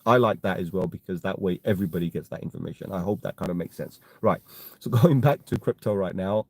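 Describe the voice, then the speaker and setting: A man with a fairly low, mellow voice hosts a relaxed live stream. He talks in a chatty, loose way, calls his viewers "guys" and keeps checking in with a quick "right?". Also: dry recording. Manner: chatty, tags statements with "right?". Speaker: crypto live stream host. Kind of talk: casual live stream talk.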